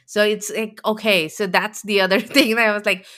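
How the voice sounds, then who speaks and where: A woman's voice: mid-range voice, flat delivery, fairly quick, hardly any pauses, pushed and bright. A woman co-hosting a podcast in casual chat, reflective and explaining her points at length. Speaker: podcast co-host.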